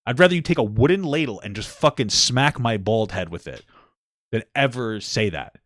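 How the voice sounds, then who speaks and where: A man's voice: mid-range voice, animated, moderate pace, fairly bright tone, no echo, clean studio sound. A man in his thirties with a New York accent, co-hosting a casual podcast chat, profane and self-deprecating. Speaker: podcast co-host.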